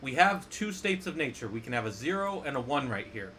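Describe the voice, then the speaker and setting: A very animated instructor with a medium-pitched, sharp voice teaches a casual screen-share lesson a little fast. He's playful and jokey and keeps asking viewers questions. There's slight background noise.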